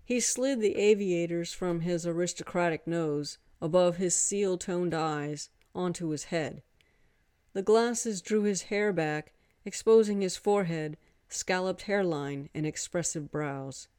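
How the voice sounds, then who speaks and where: A woman narrating a romance story in a measured, unhurried way. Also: on the low side, warm tone, clear, resonant tone, dry recording. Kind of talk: scripted narration.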